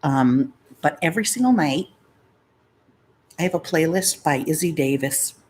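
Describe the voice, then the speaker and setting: Woman vlogger chatting at home, low voice, slow rambly stories, faint background hiss. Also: animated, darkish tone. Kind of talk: casual chat to camera.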